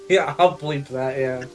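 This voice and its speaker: A young man co-hosting a casual video game playthrough, giggly and easily amused. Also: medium pitch. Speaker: co-host and video editor. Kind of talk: casual gaming chat.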